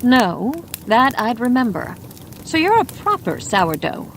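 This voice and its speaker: A woman voicing a wary, sharp-tongued woman who lives in the forest, blunt and teasingly wry, in a bedtime mystery audiobook. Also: a little high, big pitch swings, measured pace, slight background noise.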